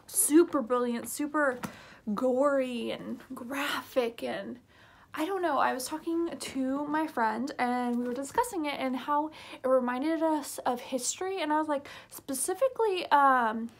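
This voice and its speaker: High-voiced gushing woman reviewing a book. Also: measured pace. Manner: gushing, chatty, full of fillers and "oh my gosh". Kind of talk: casual book review vlog.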